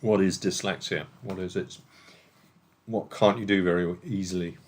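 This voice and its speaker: A man's voice: low voice, steady tone, moderate pace, a little hiss or hum. An English man hosting an online quiz night over a video call, reading questions and bantering playfully with players. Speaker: quizmaster.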